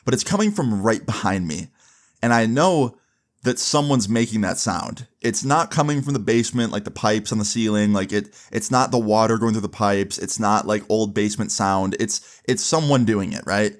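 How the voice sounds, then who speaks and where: A man's voice: lowish voice, moderate pace. A young man casually telling a long story, rambling with many asides and swearing freely.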